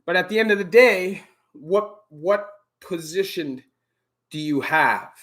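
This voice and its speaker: A middle-aged Canadian man with a Canadian accent hosting a relaxed live Q&A stream, greeting viewers by name and filling gaps with "you know". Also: high voice, slow pace. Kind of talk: casual live-stream chat. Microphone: camera on a stand.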